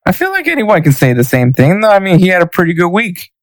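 A man's voice: sits high, huge pitch swings, quick pace, slight background noise, rough recording. A man co-hosting a casual soccer podcast, speaking hesitantly with stammers and restarts. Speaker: podcast co-host. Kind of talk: casual sports chat.

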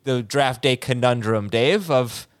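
A man hosting a sports podcast, talking in an upbeat, chatty way with quick asides. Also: mid-range voice, dry recording. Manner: upbeat, talkative, fast asides. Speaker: podcast host. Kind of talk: casual sports podcast chat.

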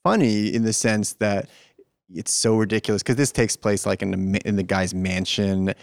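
A man's voice: on the low side, fairly even intonation, moderate pace, creaky, no echo, studio quality. A man hosting a film discussion, speaking with hesitant, stammering restarts.

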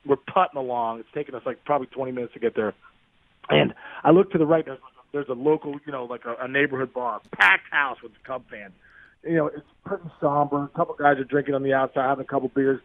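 A man in his forties telling a story as a podcast guest, excitable and animated, acting out the voices of the people in his stories. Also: mid-range voice, fast, no echo. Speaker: guest, former pro baseball player. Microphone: phone call. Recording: tinny dry phone line.

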